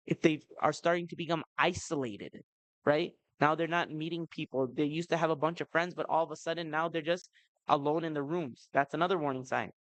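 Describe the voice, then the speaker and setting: Fairly quick and fairly even in intonation, a thirtysomething man with a voice on the high side gives a conversational talk to parents at a community family seminar, full of "you know" and "right?" asides. It's a dry recording of poor quality.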